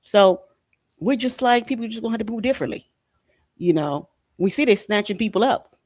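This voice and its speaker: Podcast host, male, high voice, preachy emphatic monologue, close dry mic. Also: lively intonation, a little fast, darkish tone, dry recording. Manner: preachy, repetitive, emphatic with slang and cursing. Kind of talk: casual spiritual monologue.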